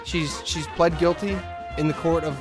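A man's voice: fairly high pitch, moderate pace, music in the background. A man in his thirties, a podcast co-host telling a story in casual chat, acting out what people said. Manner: animated, acts out quoted lines in a raised voice.

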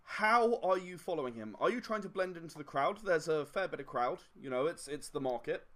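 A man narrating a tabletop game as game master, with a lively, swooping voice pitched slightly high. He rambles, chuckles and fills gaps with "um.". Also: a little fast. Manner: rambling, chuckling, many fillers.

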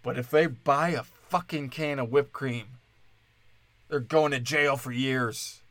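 A man from Wisconsin delivers a profane, sarcastic solo rant, swinging between mocking asides and exasperated outbursts. His voice sits at an ordinary middle pitch. The sound is dry and close, with no room echo. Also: fairly even intonation, slow, a bit bright.

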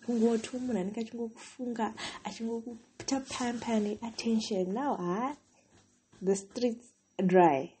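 A woman's voice: on the high side, steady tone, normal speed, dark tone, slight background noise. A young woman hosting a casual solo podcast. She sounds tired and chatty, rambling with lots of "like" between thoughts. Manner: chatty, rambling, heavy use of "like". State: tired, yawning. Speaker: podcast host.

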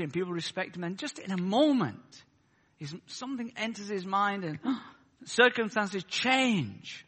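A man preaching a sermon. He swings between loud, fervent peaks and soft, chatty asides. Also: high voice, in a large hall.

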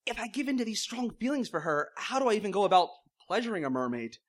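A man's voice: sits high, very animated, fast. A man voicing a nervous, flustered male police chief who talks with hesitation.

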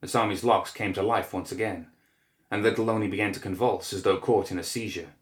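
A man narrating a dark fantasy story in a measured, grave manner, recorded in an echoey room. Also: fairly low pitch, fairly even intonation.

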